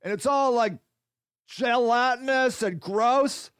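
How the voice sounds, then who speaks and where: A man's voice: extremely high pitch, slow, a bit bright, smooth, no room sound, clean studio sound. A man hosting his own podcast, delivering a rambling, profane comedic rant and acting out mock back-and-forth dialogues. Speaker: podcast host.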